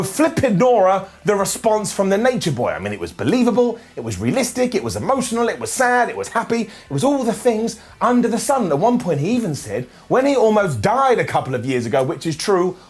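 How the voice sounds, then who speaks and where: Animated high-voiced man reviewing. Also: brisk, hardly any pauses. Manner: animated, sarcastic, jokey. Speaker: wrestling show reviewer and host. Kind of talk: energetic video review commentary.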